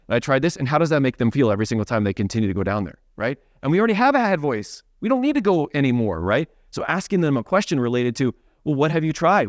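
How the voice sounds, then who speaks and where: A man's voice: medium pitch, no echo, clean studio sound. A man leading a live coaching workshop, talking conversationally and often checking in with "right?". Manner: animated, conversational, frequent "right?" tag questions. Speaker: leadership coach.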